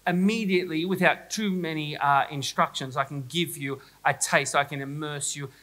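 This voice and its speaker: An Australian man speaks at a conference keynote, his voice bright and forward. He jokes with the audience and pokes fun at himself in a loose, chatty way. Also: a little high, fairly even intonation, normal speed, rough recording. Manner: playful, self-mocking, chatty with the audience. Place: school hall, live audience.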